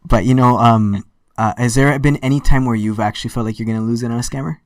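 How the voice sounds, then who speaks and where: A man hosting a casual online chat, relaxed and enthusiastic, with many fillers. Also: medium pitch, quick pace, dry recording, clean studio sound. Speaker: podcast host. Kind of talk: casual video-call chat.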